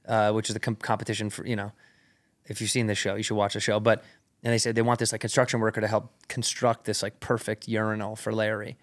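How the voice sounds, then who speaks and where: A man, a comedian guest on a podcast, telling a long story in casual, slang-heavy, swearing chat into a studio mic. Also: lowish voice. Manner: loose and slangy, peppered with "like" and "rad", swears freely.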